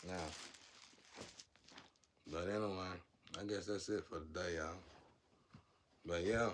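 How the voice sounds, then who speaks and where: A man with a lowish voice rants into the camera in a vlog, blunt and profane. He scolds his audience, dropping to a mutter and then rising to loud shouting. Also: steady tone, slow, a little hiss or hum. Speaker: vlogger. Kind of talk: ranting monologue to camera.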